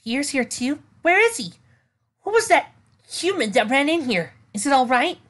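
A woman voicing Twilight, a frightened young woman who was a pony mage, asking shrill, panicky questions. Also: lively intonation, fairly quick. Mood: alarmed.

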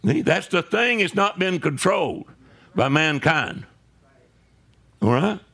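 A man preaches a sermon in a loose, conversational way, often pausing to check in with his congregation. His voice sits a little high and has a gravelly edge. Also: expressive, a bit bright. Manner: conversational preaching with frequent "right?" asides. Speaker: pastor. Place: church sanctuary.

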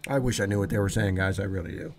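A man's voice: lowish voice, racing. Male solo wrestling commentator, enthusiastic, conversational, addresses viewers. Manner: enthusiastic, chatty, talks straight to viewers.

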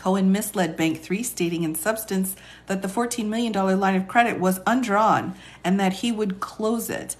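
A woman with a raspy voice and a Texas accent, an attorney on a live stream who reads legal text aloud and chats with viewers between passages, laughing often. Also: mid-range voice, moderate pace, hardly any pauses. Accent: Texan. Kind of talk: casual live-stream reading and commentary.

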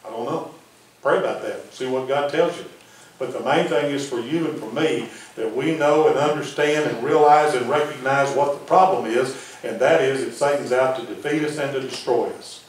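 A man preaching a folksy sermon as pastor, dropping his voice low to press a point. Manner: folksy preaching, drops to near-whisper for emphasis. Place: church hall. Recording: very echoey room from far off, faint noise.

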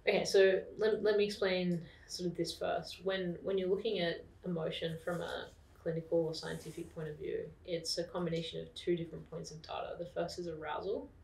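An Australian woman explaining things calmly in a casual interview, with frequent fillers. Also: lowish voice, a little fast, gravelly, few pauses. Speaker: podcast guest. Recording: roomy, distant mic.

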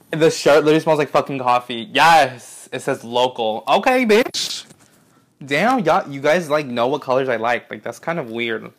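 A young man unboxing fan mail in an excited, gushing vlog, swearing often and gasping as he reads letters aloud. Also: medium pitch. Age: young adult. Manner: gushing, swears a lot, gasps and squeals.

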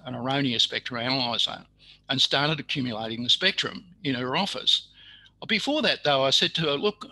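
An older man, telling a story in an interview, halting with many fillers and restarts. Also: mid-range voice, sharp tone, breathy edge, dry recording, poor audio.

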